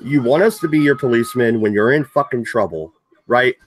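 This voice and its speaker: A man's voice: medium pitch, brisk. A man hosting a casual political talk stream, reading news aloud and breaking into sarcastic, profane rants. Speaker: host.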